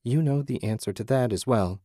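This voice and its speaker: A disembodied, otherworldly voice , as a male reader puts it on, speaks pleasantly, a touch above his usual pitch. It soothes and teases, knowing more than it says. The reading is close and dry. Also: normal speed, mellow, no room sound, lightly acted. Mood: soothing, knowing. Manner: soothing, teasing, speaks in riddles.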